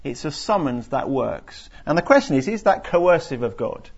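A man's voice: on the high side, very animated, normal speed, slightly rough. A man giving an earnest Bible teaching talk to a group, explaining with many restarts and fillers. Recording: dull lo-fi recording.

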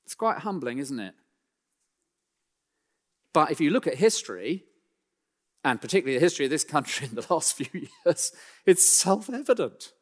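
A man's voice: on the high side, big pitch swings. Man preaching a sermon in a reverberant hall. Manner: emphatic, slows down to read scripture aloud. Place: church.

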